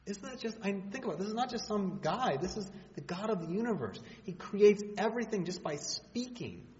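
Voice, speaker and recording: A man preaching in a conversational, joking way, tossing out rhetorical questions. His voice sits a little high. The sound is dull, with a long hall reverb. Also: very animated, fairly quick, darkish tone. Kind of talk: sermon. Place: church hall.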